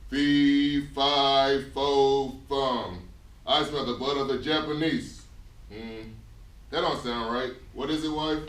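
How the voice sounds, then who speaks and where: A man playing a slow, blustering giant who fumbles his words in a stage skit. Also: mid-range voice, fairly even intonation, a bit bright, slight background noise. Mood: bumbling. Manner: slow, bumbling, forgets his lines. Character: dim-witted, blustering male giant. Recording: echoey room from far off.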